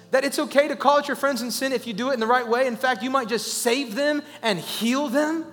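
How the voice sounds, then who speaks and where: High-voiced man preaching conversationally. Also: fairly quick, few pauses, long reverb tail, faint music behind. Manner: conversational preaching, rising to loud urgent pleas. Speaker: pastor. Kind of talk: sermon.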